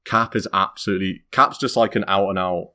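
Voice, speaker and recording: Deep-voiced and steady, this British podcast host speaks a little fast with a bright, forceful tone. He rambles casually, keeps correcting himself, and laughs a lot.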